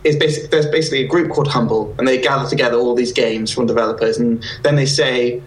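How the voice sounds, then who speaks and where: Co-host, chatty man, mid-pitched, recorded in an echoey room. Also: fairly quick. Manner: chatty, explains at length, reads out listener messages. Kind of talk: casual radio chat. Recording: roomy echo.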